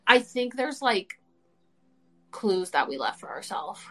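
A young woman hosting a casual chat, excitable and outspoken, who swears freely and fills her talk with "like". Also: mid-range voice, slow. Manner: excitable, swears freely, many filler words. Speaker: host.

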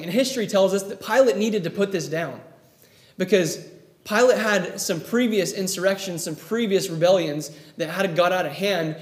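A man preaching a sermon who retells a story vividly and acts out the quoted lines. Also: sits high. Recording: echoey room.

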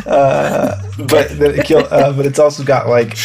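A man's voice: mid-range voice, little pitch movement, unhurried, gravelly. A man running a casual tabletop role-play game, rambling and laughing as he describes characters. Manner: rambling, many fillers, laughing. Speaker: game runner reading the rules.

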